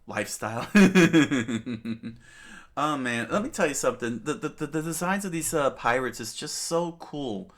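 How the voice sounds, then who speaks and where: A man's voice: medium pitch, lively intonation, unhurried. A middle-aged man in casual commentary, rambling with many fillers, restarts and asides to the listener as he talks about a comic. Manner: rambling, many fillers and restarts, "you know what I'm saying". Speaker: channel host reading and commenting on manga.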